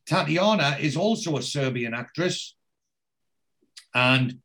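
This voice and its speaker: A man's voice: a little high, expressive, slow, fairly bright tone. A man casually recapping a TV episode as a podcast co-host, telling the story in a rambling way. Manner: rambling storyteller who acts out the characters.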